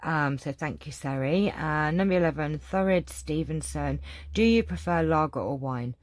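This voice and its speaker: A woman's voice: low voice, lively intonation, normal speed, dry recording. A middle-aged English woman with an English accent, chatting casually and rambling with lots of ums as she answers viewer questions. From England. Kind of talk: casual chat.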